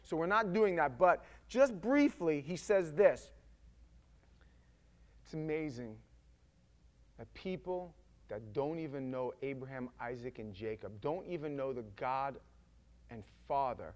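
Male pastor, high voice, animated conversational sermon delivery. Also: a little slow, long pauses. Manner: animated, acts out quotes, conversational.

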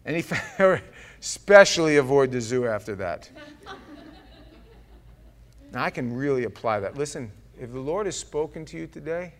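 A man's voice: medium pitch, lively intonation, moderate pace, long pauses. A man preaching a sermon, joking and acting out the scripture with voices. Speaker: pastor.

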